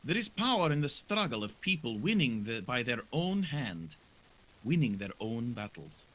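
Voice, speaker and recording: A man voicing a mysterious female fortune teller reading tarot cards, slow and portentous. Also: mid-range voice, sing-song, a bit bright. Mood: solemn. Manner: slow, solemn, portentous delivery.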